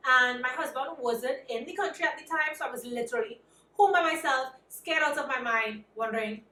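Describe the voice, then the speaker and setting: Young trinidadian woman, vlogger, animated storytelling, fairly high voice, roomy echo, slightly off-mic. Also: normal speed, distant mic. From Trinidad and Tobago. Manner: animated, self-described anxious, acts out quoted dialogue. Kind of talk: casual storytelling.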